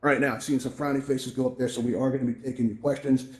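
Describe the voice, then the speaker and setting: Man, event host, quick talker, mid-range voice, animated casual storytelling, VR headset mic. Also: medium pitch. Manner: animated, keeps checking in with "right?". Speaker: host of a virtual reality event. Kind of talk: casual live presentation with storytelling.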